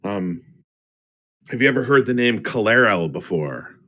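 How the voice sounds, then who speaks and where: A man's voice: fairly low pitch, lively intonation, moderate pace, pushed and bright. A man playing a tabletop game, speaking hesitantly and repeating words as he searches for them. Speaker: player. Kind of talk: tabletop role-play chat.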